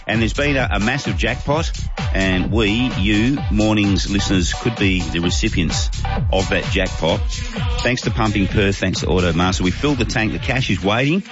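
A man's voice: fairly low pitch, moderate pace, lo-fi sound, over music. A man with an Australian accent hosting talk radio, reading listener texts in a chatty, jokey, matey way. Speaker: radio host.

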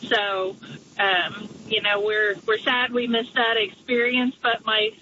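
A woman's voice: mid-range voice, flat delivery, slow pace, pushed and bright. Chatty woman caller on a noisy line. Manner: chatty, hesitant with ums. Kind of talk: phoned-in radio chat. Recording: muffled noisy radio line.

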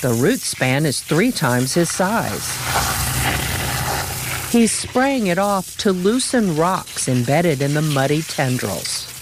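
A woman's voice: sits low, very animated, slow, very noisy. A woman reporter narrating a field report in a descriptive, storytelling way. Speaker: radio reporter.

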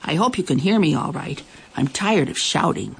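A woman's voice: low voice, expressive, moderate pace, gravelly, slight background noise. A woman voicing an eager little girl in a storybook, calling out help and directions. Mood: explaining. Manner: shouting, helpful.

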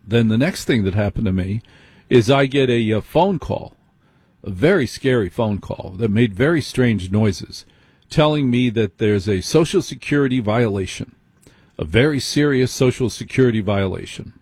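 A man's voice: medium pitch, expressive, normal speed, a little mellow, breathy edge, no room sound. A middle-aged man hosting a late-night radio talk show, speaking conversationally and putting direct questions to his listeners.

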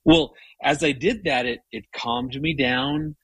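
A husky-voiced man in his fifties talks as a guest in an interview. He tells personal stories in a casual, conversational way, often doubling up on words as he goes. His voice is mid-pitched and sounds dry and close. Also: measured pace, no room sound, poor audio. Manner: repeats words often while telling stories. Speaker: guest, marriage author. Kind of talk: conversational storytelling.

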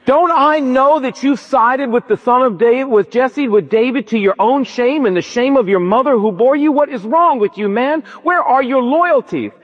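A man's voice: very high voice, normal speed, hardly any pauses, pitched above the performer's own voice. A man voicing a furious, paranoid king berating his son in a ranting, insulting manner. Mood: enraged. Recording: dull lo-fi with long reverb.

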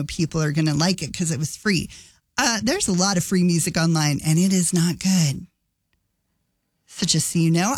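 A woman radio DJ talking casually on air, chatty and relaxed as she announces a giveaway. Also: fairly low pitch, no echo, clean studio sound. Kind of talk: radio DJ talk. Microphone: studio microphone.

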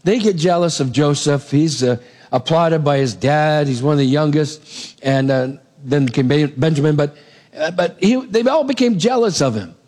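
A middle-aged man preaching a sermon, retelling a Bible story in a lively way and acting out the characters' voices. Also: on the high side, normal speed.

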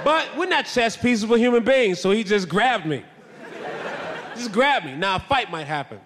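High-pitched guy doing stand-up, animated, shouts punchlines, long hall echo, faint room hum. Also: normal speed, some chatter behind. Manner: animated, swings into loud shouted bits. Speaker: stand-up comedian. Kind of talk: stand-up comedy set. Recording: reverberant hall with faint ambience.

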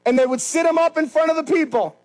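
A man preaching a sermon as pastor, swinging between loud, fervent rises and quiet, slow pleas. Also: very high-pitched, poor audio.

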